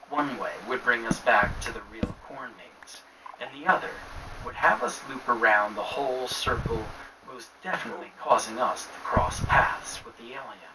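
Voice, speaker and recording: A man narrating a first-person horror story in a hushed, often whispering voice. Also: mid-range voice, moderate pace. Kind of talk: scripted narration. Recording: distant mic with clear noise.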